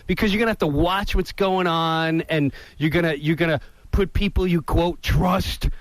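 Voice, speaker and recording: A male comedian guest in radio talk show banter, excitable, repeating himself and tossing in "man". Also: on the high side, moderate pace, no echo.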